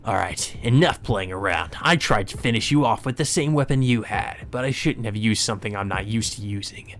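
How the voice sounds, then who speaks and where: A man's voice: fairly low pitch, a little fast, a bit bright, a little hiss or hum. A man reading a visual novel aloud, voicing a vengeful, resentful young man in a bitter, accusing, cold manner.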